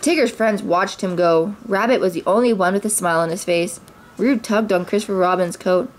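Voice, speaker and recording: A woman's voice: mid-range voice, fairly quick, a little hiss or hum. Woman reading a storybook aloud. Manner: clear, expressive narration.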